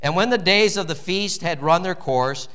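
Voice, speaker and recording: Animated preaching man, fairly high voice. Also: moderate pace, clean tone. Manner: animated preaching with wide swings in pitch and volume. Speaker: pastor. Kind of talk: sermon.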